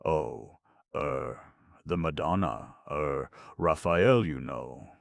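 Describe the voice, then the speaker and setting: A man's voice: extremely low pitch, animated, slow pace, gravelly, no room sound, heavily acted. A man voicing a nervous, evasive middle-aged male secretary who stammers and hesitates. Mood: flustered.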